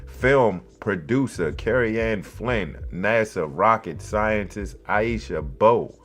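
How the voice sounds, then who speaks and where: Over soft background music, a man hosting a podcast reads out a news article slowly with hardly any pauses. He ridicules it with sarcastic, profane remarks, swinging from flat delivery to loud, high-pitched bursts in this casual news commentary.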